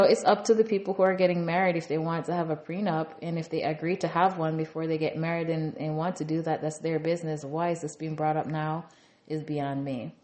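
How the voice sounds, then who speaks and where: A woman with a lowish voice chats her way through a reality show recap. She rambles and leans on fillers as she goes, speaking casually rather than from a script. The recording carries a noticeable room echo. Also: darkish tone. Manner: chatty, rambling with many "you know" fillers. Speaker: TV recap reviewer.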